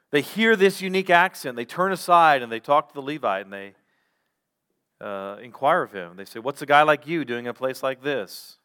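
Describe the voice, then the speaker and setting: A pastor preaching a sermon, teaching through a Bible passage with measured pauses. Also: male voice, mid-range voice, sharp tone, clean tone.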